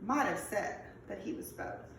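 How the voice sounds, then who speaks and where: An American-accented woman teacher reads a picture book aloud to her class, upbeat and encouraging, correcting herself as she goes. Her mid-range, fairly bright voice is animated at normal speed, captured from far off in an echoey classroom with a little hiss or hum.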